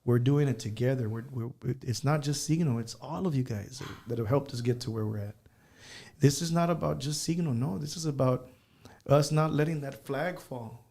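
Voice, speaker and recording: A man's voice: mid-range voice, moderate pace, gravelly, mellow. A man who is a musician guest on an interview show, telling casual anecdotes and dropping in Spanish phrases.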